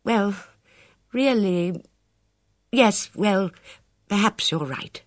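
A woman's voice: mid-range voice, animated, drawn-out words, no echo, studio quality, voice pushed up. A reader putting on a fretful, dithering middle-aged lady. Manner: uncertain, dithering. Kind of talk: audiobook character voice.

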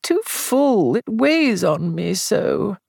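A woman's voice: a little high, expressive, takes it slowly, gravelly, darkish tone, no echo, studio quality, voice pushed up, full character voice. A woman reader voicing a frail, self-pitying older invalid with a thin, weak, melancholy voice. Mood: whining, melancholy.

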